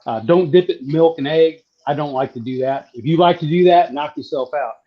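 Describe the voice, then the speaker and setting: A man from southeastern Virginia, chatting casually while demonstrating how to fry catfish. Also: on the high side, a little fast. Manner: folksy, relaxed, drawling. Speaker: cooking guest. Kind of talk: casual cooking demo on a live stream. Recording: dull lo-fi stream audio.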